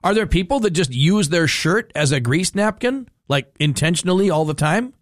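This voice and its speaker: A man hosting a casual radio talk segment, chatty and animated, telling stories and acting out quoted people. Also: on the high side, normal speed, no echo, clean studio sound. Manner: chatty, animated storytelling with playful quoted voices. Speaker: radio host.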